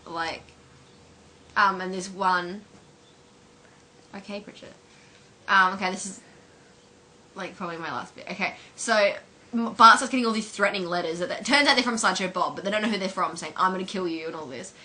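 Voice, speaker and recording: A woman's voice: mid-range voice, normal speed, pauses often, sharp tone. A woman vlogging at home while her sister films her, chatting and giggling as she retells favourite scenes, with lots of fillers.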